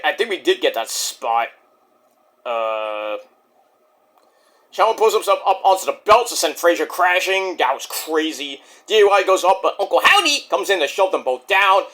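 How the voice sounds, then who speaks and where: Man, wrestling review vlog, excitable, swearing, high voice, very lively. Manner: excitable, profane, with sudden yelled exclamations.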